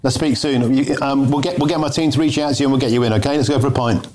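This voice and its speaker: A man's voice: mid-range voice, steady tone, racing, a little mellow, a little hiss or hum. A British man presenting on a news channel, emphatic and matey, often repeating his words as he interviews a guest. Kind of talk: live studio interview.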